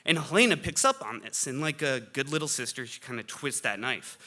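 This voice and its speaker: Man, middle-aged, live stage storytelling, bright forceful voice, animated, comic. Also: fairly high pitch, a little fast, hardly any pauses. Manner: animated, comic, bursts of loud excitement. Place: stage before a live audience.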